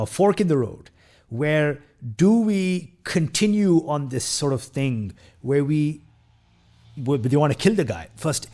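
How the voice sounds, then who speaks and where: A man's voice: a little high, darkish tone. A man hosting a casual film review who retells scenes at length, with frequent fillers, restarts and quoted lines from the characters.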